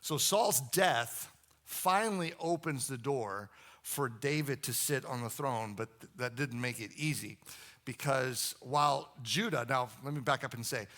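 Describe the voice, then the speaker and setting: Bright-voiced man preaching a sermon. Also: medium pitch, a little slow. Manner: conversational storytelling with asides to the congregation. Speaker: pastor.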